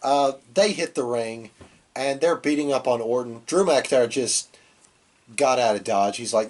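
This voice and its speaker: A man's voice: mid-range voice, unhurried, darkish tone. A man co-hosting a podcast, giving a loose, rambling recap of a wrestling show while getting over a cold. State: has a cold, coughing. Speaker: podcast co-host.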